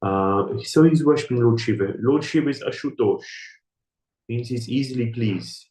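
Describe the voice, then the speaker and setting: A man telling a scripture story in a temple hall, voicing the characters as he goes. His voice sits in a middle register. The room gives it a clear echo. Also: moderate pace, a little mellow. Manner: storytelling, acting out dialogue with raised pitch. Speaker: speaker giving a scripture class. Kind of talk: sermon storytelling. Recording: echoey room.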